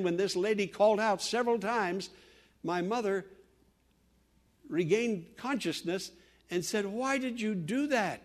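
A male pastor preaching a radio sermon, telling personal stories in an earnest way, rising to loud exhortation and dropping to hushed tones. He grew up in Western Pennsylvania. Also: sits high.

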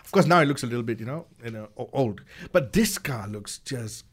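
A man chatting casually as a car reviewer, animated and often repeating words as he builds a point. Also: medium pitch, a little fast. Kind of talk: casual chat.

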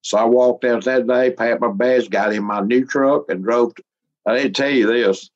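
A man's voice: mid-range voice, fairly even intonation, normal speed. A middle-aged man, telling a story in casual, folksy talk, chuckling often and sometimes close to tears. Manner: folksy, chuckling, gets emotional. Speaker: interviewee. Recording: slightly muffled recording.

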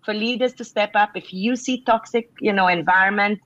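A middle-aged woman author answering interview questions with earnest, conversational advice, filling pauses with "you know". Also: medium pitch, fairly bright tone, no echo. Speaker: author and leadership speaker. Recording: dull lo-fi sound.

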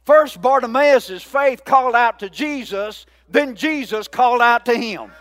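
A man's voice: extremely high pitch, fairly bright tone. A man preaching a sermon, drawing out key words and calling for the congregation's response. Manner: call-and-response preaching, drawn-out emphasis. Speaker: pastor.

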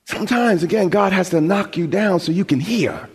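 A man preaching a sermon as pastor, with dramatic pauses, rising emphasis and questions thrown out to the congregation. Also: sits high. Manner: call-and-response questions to the congregation.

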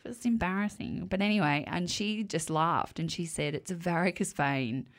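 Woman, low voice, candid chatty storyteller, giggles often. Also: moderate pace. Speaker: podcast co-host. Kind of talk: casual chat.

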